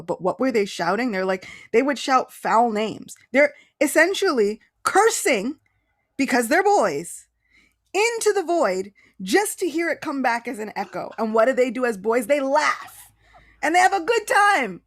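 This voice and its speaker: A woman's voice: sits high, sing-song, measured pace. A woman hosting a podcast, telling a story in casual slang with frequent laughter. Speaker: podcast host.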